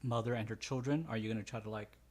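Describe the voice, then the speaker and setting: A man's voice: lowish voice, fairly even intonation, quick pace, crowd noise. A man game-mastering with many fillers. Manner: hesitant, full of "um" and "kinda". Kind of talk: narrating a tabletop game.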